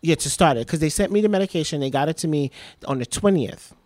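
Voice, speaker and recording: A man's voice: a little high, animated, quick pace, darkish tone, no echo. A young man telling a personal story as a podcast guest, rambling and repeating himself, leaning on "like" all the time. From Trinidad.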